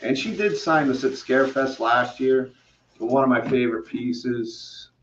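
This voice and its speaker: A man hosts a home live stream in a loose, rambling way, stumbling over fillers and doubling back on his words. His voice sits at an ordinary middle pitch, and he sounds a little winded. The audio is slightly dull and lo-fi. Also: unhurried. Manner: rambling, repeats himself, many fillers. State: out of breath. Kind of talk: casual live stream chat.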